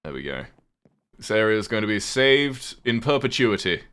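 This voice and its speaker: A man's voice: lowish voice, sing-song, normal speed, fairly bright tone. A British man chatting casually on a livestream while gaming, rambling, swearing offhand and thanking viewers. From United Kingdom.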